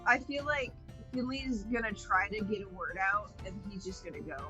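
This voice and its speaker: Bright, playful woman player. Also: mid-range voice, lively intonation, moderate pace, faint music behind. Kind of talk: tabletop game chat.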